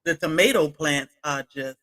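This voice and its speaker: A woman's voice: sits low, unhurried, a bit bright, poor audio. A woman chatting casually on a homestead livestream, greeting viewers from the chat by name as she talks.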